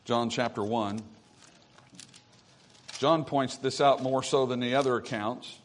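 A male pastor preaching a sermon, reading scripture slowly and building to emphatic, forceful peaks. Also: medium pitch, fairly even intonation. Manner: reads scripture aloud slowly. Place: church.

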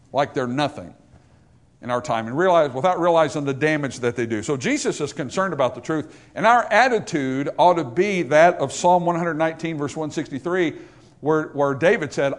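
A man preaching a sermon, emphatic and conversational, asking the congregation rhetorical questions. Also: on the high side. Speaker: pastor.

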